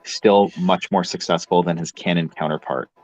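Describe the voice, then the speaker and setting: A man's voice: sits low, fairly even intonation, normal speed, a little mellow. A man in casual chat, laid-back and wry.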